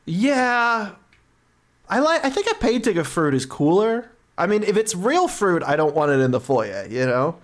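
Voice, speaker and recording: A woman's voice: lowish voice, very animated, normal speed. A woman chatting casually on a live stream, rambling and self-deprecating, often trailing off mid-thought.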